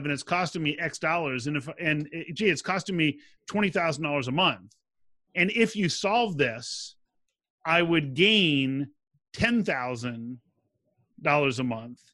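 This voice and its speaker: Man, sales expert guest, bright forceful tone, slightly high voice, dry sound, animated quoting. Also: no room sound. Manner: animated, acts out quoted dialogue. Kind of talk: interview answers, explaining.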